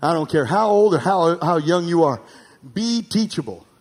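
A man preaching a sermon as pastor, calling for amens and swinging from emphatic, near-shouted peaks to quiet asides. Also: a little high, fairly quick. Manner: calls for amens from the congregation.

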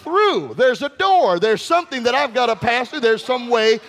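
A man preaching a sermon, repeating phrases, calling for responses and shouting the key lines. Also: very high-pitched, lively intonation, moderate pace. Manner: call-and-response, repetitive and emphatic, shouts at peaks.

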